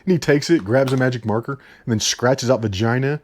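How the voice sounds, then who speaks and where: A man's voice: mid-range voice, a little fast. A man talking casually about movies he watched, rambling, repeating himself and laughing often. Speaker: movie reviewer.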